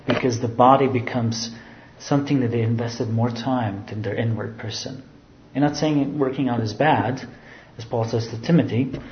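A man's voice: mid-range voice, background noise. Guy preaching a sermon, keeps rephrasing himself, kinda muffled lo-fi sound. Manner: expository preaching, repeating and restating phrases. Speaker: pastor. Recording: roomy, dull sound.

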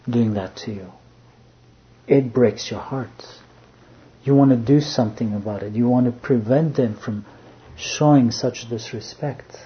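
Man preaching earnestly, lo-fi sound. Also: mid-range voice. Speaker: pastor. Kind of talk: sermon. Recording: dull lo-fi sound, faint background noise.

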